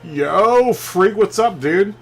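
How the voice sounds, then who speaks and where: Streaming a racing game from his home setup, a man with a high, expressive voice and some vocal fry chats slowly with live chat viewers. He rambles loosely and laughs at his own jokes, with soft music in the background and his studio mic running through a mixer.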